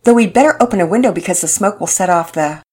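A woman's voice: mid-range voice, lively intonation, fast, very noisy, close to an everyday voice. A woman voicing a kindly, easygoing father with a mild, reassuring manner in a storybook reading.

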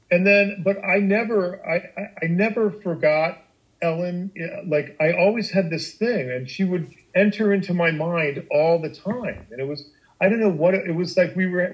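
A middle-aged man with a somewhat high voice tells a personal story on a podcast. He speaks in an animated, emphatic way, often restarting his sentences and swearing freely. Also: rough recording. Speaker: guest storyteller.

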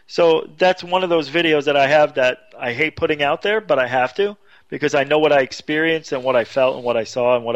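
A man telling a long story on a radio talk show, getting more animated and higher as he goes. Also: no echo. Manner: animated storyteller, rising pitch when excited. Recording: dull lo-fi radio audio.

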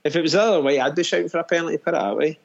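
A man joining a casual football chat as a guest, wry and quick with a joke, and firm in his opinions. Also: a little high, gravelly, muffled recording. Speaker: podcast guest.

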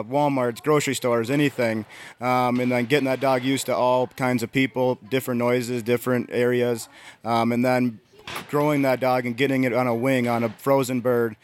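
A man who trains dogs, explaining training steps in a steady, matter-of-fact way with many ums. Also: medium pitch. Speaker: dog trainer. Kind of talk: casual explanation.

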